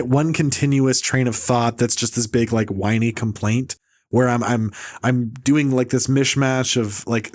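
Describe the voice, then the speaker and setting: Podcast host guy, ranting, does mocking little impressions, swears a lot, average pitch. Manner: animated, mocking impressions, swears, quick laughs. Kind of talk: casual podcast chat.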